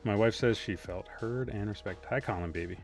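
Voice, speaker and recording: A man's voice: fairly low pitch, brisk. A chatty, easily sidetracked man hosts a laid-back livestream while painting miniature models. He jokes around, chats to viewers, and keeps drifting off topic. Faint music plays under his voice. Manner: chatty, joking, easily distracted. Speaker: podcast host.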